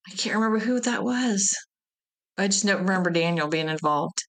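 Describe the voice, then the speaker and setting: A woman's voice: medium pitch, lively intonation, moderate pace, fairly bright tone. A woman, a festival's event director, chatting as an interview guest and telling rambling, laughing anecdotes. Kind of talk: casual interview chat.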